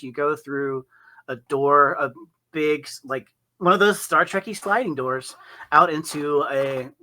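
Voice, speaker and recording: Game master narrating, fairly high, bright tone, loose rambling delivery. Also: male voice, low-quality recording. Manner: rambling, with many fillers and restarts.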